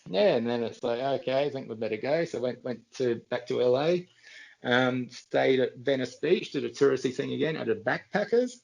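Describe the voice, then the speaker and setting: Gravelly Australian man telling stories. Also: mid-range voice, lively intonation, normal speed, low-quality recording. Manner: rambling anecdotes with frequent restarts. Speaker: podcast guest. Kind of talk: casual storytelling.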